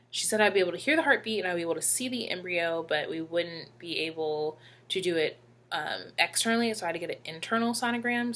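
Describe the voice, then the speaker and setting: A young woman telling a personal story to camera in a halting, emotional way with many fillers. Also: fairly low pitch, a bit bright. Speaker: vlogger.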